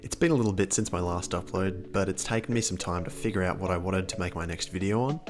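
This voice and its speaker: Australian man, lowish voice, wry and blunt, swears a lot, faint music behind. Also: fast talker. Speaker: vlogger. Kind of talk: casual scripted explainer.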